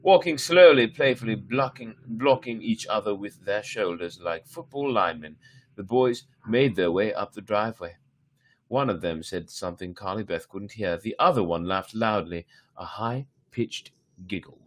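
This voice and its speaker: A man's voice: fairly low pitch, lively intonation, normal speed. A man reading a spooky children's story aloud on a live stream, stumbling and restarting now and then, sometimes stopping to chat with his listeners. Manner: reads with frequent slips and restarts, breaks off to chat.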